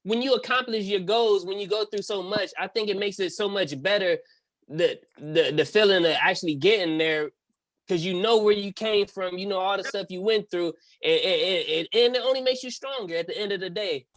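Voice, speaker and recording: A man's voice: high-pitched, a bit bright, dry recording. A man hosting a casual podcast, who keeps the chat moving and affirms his guest's points. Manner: affirming, quick to say "indeed" and laugh along. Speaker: podcast host.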